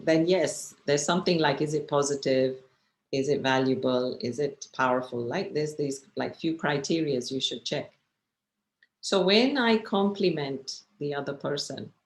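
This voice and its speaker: Woman meditation teacher, encouraging and chatty, talking over a video call from a roomy, echoey space. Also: deep voice. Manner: chatty and encouraging, often checking in with listeners. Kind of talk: online workshop talk.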